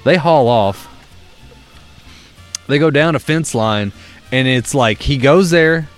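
A man's voice: medium pitch, takes it slowly, soft background music. A young man, co-hosting a podcast in casual chat and telling stories with plenty of swearing. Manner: animated storyteller, swears freely. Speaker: podcast co-host.

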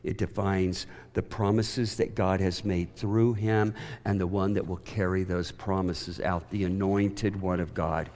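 A man from Oklahoma preaching a sermon, emphatic, moving between loud declarations and quiet asides. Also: low-pitched, little pitch movement, measured pace. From Oklahoma, USA. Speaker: pastor.

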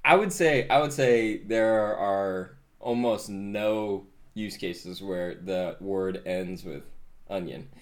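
A man's voice: low voice, slow. A teenage American man in casual chat, rambling with many fillers and restarts and laughing often. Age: teens.

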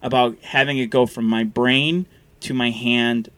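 A man on a podcast, telling personal stories in a lively way, swearing and acting out what people said. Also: medium pitch, unhurried. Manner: animated storyteller, swears, acts out quotes. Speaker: podcast guest in recovery. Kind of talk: casual podcast conversation.

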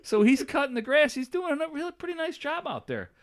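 A man's voice: very high voice, brisk. A young man co-hosting a podcast, telling a story with lots of laughter and swearing. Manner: animated, laughs a lot, swears freely. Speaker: podcast co-host. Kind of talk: casual storytelling chat.

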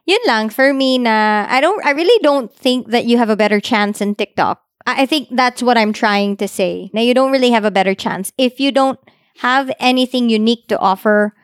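A woman's voice: on the high side, moderate pace, clean tone, no room sound, studio quality. A woman with a Filipino accent co-hosting a podcast, talking frankly and mixing English and Tagalog. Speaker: podcast co-host. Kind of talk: casual chat.

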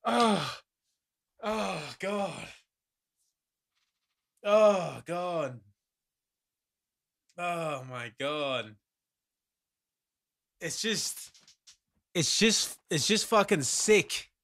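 A man streaming live, reacting to videos with loud exclamations, groans and a lot of swearing. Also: high-pitched, lively intonation, drawn-out words, gravelly, long pauses, no room sound, clean studio sound.

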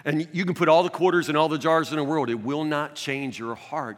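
A man preaching a sermon as a pastor in a conversational, animated way, recorded in a church sanctuary. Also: fairly high pitch, a little fast, few pauses. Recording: long reverb of a large church hall.

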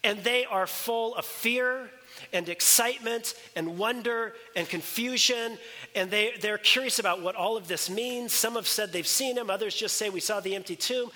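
Bright-voiced pastor preaching in a reverberant church. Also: male voice, high voice, normal speed. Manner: conversational, emphatic preaching with joking asides. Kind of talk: sermon. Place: church sanctuary. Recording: long reverb of a church hall.

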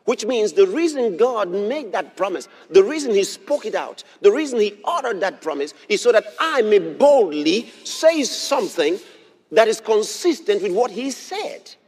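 A man preaching a sermon, reading scripture aloud and repeating key phrases with emphasis, sometimes bursting into shouts. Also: high-pitched, sing-song, moderate pace, slightly rough. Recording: long hall reverb.

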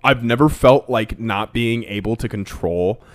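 Young man, podcast co-host, from Illinois, animated storyteller, very dry close sound. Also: mid-range voice, a little slow, no room sound. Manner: animated, loose storyteller, gets loud at the funny parts. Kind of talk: casual storytelling.

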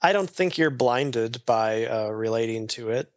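Hesitant mid-pitched man. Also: expressive. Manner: hesitant, halting phrasing. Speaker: podcast co-host. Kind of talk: casual film discussion.

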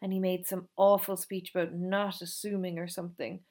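A woman voicing a hesitant, gruff schoolgirl. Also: lowish voice, level tone, moderate pace, a little mellow, lightly acted. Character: shy, hesitant schoolgirl, birthday girl.

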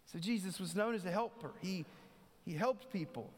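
A man's voice: high voice, normal speed. A man preaching a sermon in a conversational way, acting out the voices of the people he quotes. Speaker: pastor. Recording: long hall reverb.

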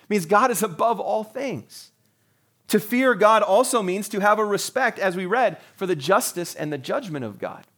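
A middle-aged man preaches in a relaxed, conversational way, his voice sitting fairly high for a man. He keeps breaking into short acted-out quotes, then settles back into plain teaching. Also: normal speed. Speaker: pastor. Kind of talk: sermon.

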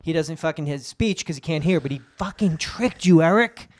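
A man co-hosting a comedy podcast, ranting crudely with lots of swearing. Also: animated. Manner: profane, ranting, rapid swings in pitch. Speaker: podcast co-host.

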